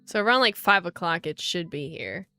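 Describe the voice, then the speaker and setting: A young woman livestreaming a game launch, chatting excitedly to her viewers and calling them guys. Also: on the low side, normal speed, clear, resonant tone, dry recording, soft background music. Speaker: livestreaming gamer. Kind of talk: casual livestream chat.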